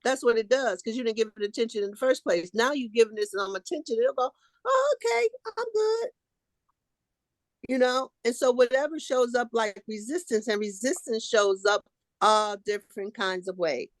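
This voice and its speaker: A woman's voice: on the high side, brisk, no room sound. A woman hosting a group video call, coaching the others and animatedly acting out the voice of resistance.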